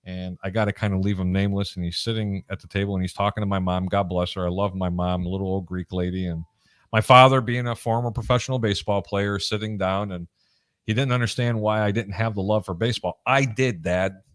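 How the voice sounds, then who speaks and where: Animated middle-aged man telling stories. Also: fairly low pitch, brisk. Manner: animated storyteller, acts out shouting coaches. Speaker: co-host. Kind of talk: casual storytelling chat.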